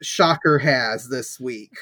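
A man's voice: mid-range voice, takes it slowly, bright, forceful tone. A man co-hosting a podcast in casual chat, wry and thoughtful, laughing easily. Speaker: podcast co-host. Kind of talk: casual chat reviewing a tokusatsu show.

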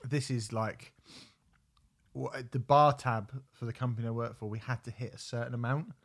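A man's voice: mid-range voice, fairly even intonation, normal speed, gravelly, a bit bright. A hungover man hosting a podcast, chatting casually, joking and swearing. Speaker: podcast host. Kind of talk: casual chat.

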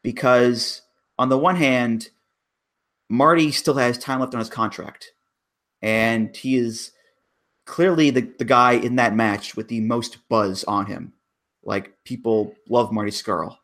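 A man's voice: mid-range voice, takes it slowly, fairly bright tone. A man co-hosting a casual wrestling chat, making emphatic arguments about storylines. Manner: emphatic, breaks down booking logic.

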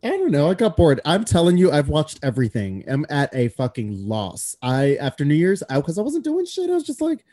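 A man hosting a casual podcast chat, animated and quick to laugh, full of campy slang. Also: a little high. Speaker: podcast host.

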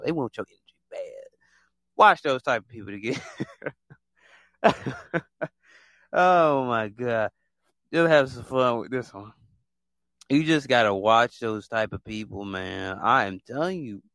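A man hosting a casual monologue, talking in an animated, repetitive way and acting out other people in quick put-on voices. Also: medium pitch, vocal fry, no room sound. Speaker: podcast host.

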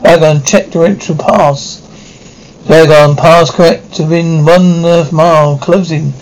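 A man voicing an alien commander who gives clipped, slow orders. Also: on the high side, fairly even intonation, rough recording. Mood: commanding.

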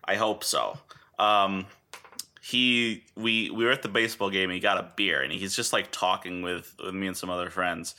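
A man co-hosting a podcast, telling rambling, animated stories in casual chat. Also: deep voice, moderate pace. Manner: animated storyteller, rambling and jokey. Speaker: podcast co-host.

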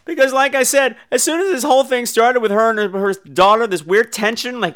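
A man's voice: very high-pitched, brisk, hardly any pauses, a bit bright, smooth. A man hosting a podcast, giving a casual comedic movie review in a campy, profane storytelling manner. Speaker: podcast host, film reviewer.

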